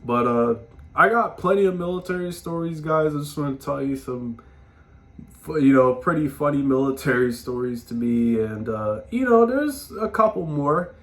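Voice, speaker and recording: A man's voice: on the high side, moderate pace. A man hosting his own show, telling stories in a casual, slangy monologue with plenty of swearing. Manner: animated, slangy, swearing, frequent "man" tags. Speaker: podcast host giving advice.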